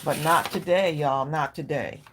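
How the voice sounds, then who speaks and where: A woman's voice: sits low, unhurried, a bit bright, slight background noise. A woman hosting a casual craft livestream, chatting to viewers as she works and laughing often.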